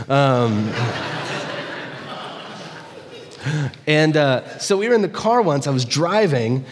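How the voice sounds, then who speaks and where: A man preaching a sermon, telling stories with joking asides. His pitch sits mid-range but swings widely as he talks. His voice carries a long reverb from a large hall. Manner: animated storytelling, joking asides. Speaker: pastor.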